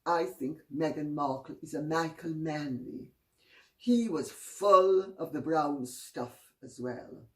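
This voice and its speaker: A woman's voice: sits low, darkish tone. A woman hosting her own channel, telling anecdotes in a wry, gossipy manner. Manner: gossipy, wry, drawn-out phrasing. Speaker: host. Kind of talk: casual storytelling commentary. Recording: roomy, distant mic.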